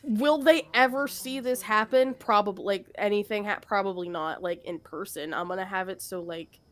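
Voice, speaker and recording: A woman's voice: medium pitch, normal speed, a bit bright. Chatty woman telling a rambling story. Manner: rambling, lots of fillers, laughing. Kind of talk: casual storytelling.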